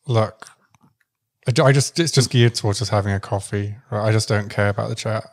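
A man hosting a casual interview, asking short, relaxed questions with fillers. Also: lowish voice, brisk. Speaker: interviewer and channel host. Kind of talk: casual chat.

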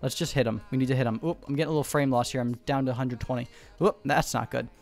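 A man giving fast, excitable gameplay commentary from home, repeating short calls in quick bursts. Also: mid-range voice, gravelly, soft background music. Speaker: gaming YouTuber. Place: home room.

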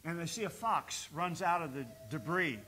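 A man preaches in a church sanctuary with a high, bright voice. He swells into loud exhortation, then drops low and soft to tell a story. It is the sound of a pastor delivering a sermon. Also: moderate pace, a little hiss or hum. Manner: preaches with rising bursts and quiet storytelling dips.

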